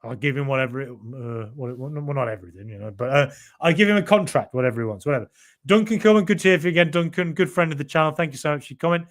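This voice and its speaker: A chatty middle-aged man with a middle-pitched voice runs a casual podcast stream, answering viewer comments one after another. His loose, rambling talk doubles up words, restarts sentences, and is peppered with jokey asides.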